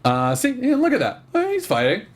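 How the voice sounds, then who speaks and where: Brief: young male co-host, animated, joking, lively pitch swings. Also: brisk, noisy background. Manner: animated, jokey, acts out quotes in high voices. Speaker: podcast co-host. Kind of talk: casual chat.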